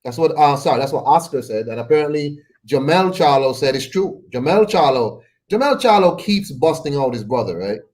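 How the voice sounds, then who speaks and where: A man in casual podcast chat, talking quickly through what others said. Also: medium pitch, lively intonation, a little mellow.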